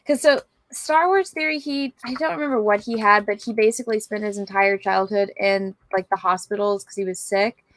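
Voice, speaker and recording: A woman's voice: mid-range voice, fairly quick, few pauses, slight background noise. A woman guest on a casual podcast, talking eagerly and at length like an enthusiastic fan. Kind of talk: casual chat.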